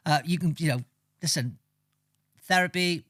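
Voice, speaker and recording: Brief: male co-host, blunt and profane, rambling casual chat, a touch high-pitched, dry close recording. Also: moderate pace, a bit bright, dry recording. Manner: blunt, heavy swearing, rambling. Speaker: podcast co-host.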